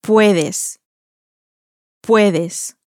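A woman's voice: medium pitch, very slow, darkish tone, no room sound, studio quality. A woman giving model words for a language course, saying each one carefully twice. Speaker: native-speaker model voice. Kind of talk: repeating model words for learners.

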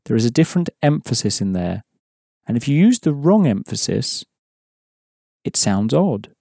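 A man teaching a scripted language lesson, explaining word stress in a measured way and slowing down for examples. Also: medium pitch, sing-song, creaky, dark tone, slightly rough, dry recording, studio quality.

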